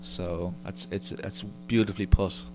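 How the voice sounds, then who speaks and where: A man's voice: low voice, a little slow, soft background music. A man hosting an interview, often stumbling and repeating words as he talks. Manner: stammering restarts, repeats words. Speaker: podcast host. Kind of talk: casual interview chat. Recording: steady hum behind voice.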